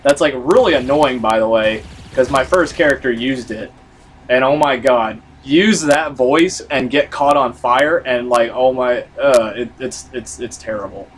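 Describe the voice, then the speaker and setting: A man's voice: medium pitch, unhurried, a little hiss or hum. A man giving casual let's-play commentary, rambling and filling his talk with "like". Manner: rambling, full of "like" fillers. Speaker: gaming video host.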